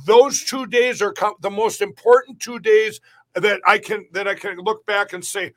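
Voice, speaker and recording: A man's voice: sits high, fairly even intonation, normal speed, a bit bright. A middle-aged man talking as a guest in a podcast interview, rambling and emphatic, often restarting his sentences.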